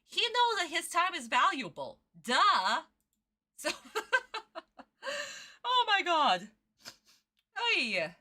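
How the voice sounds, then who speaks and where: Reacting to an anime episode on her stream, a young woman talks in a very high voice with huge pitch swings, drawn-out words, and long pauses. Her tone is pushed and bright, and her casual chat is opinionated, emphatic, and full of repetition.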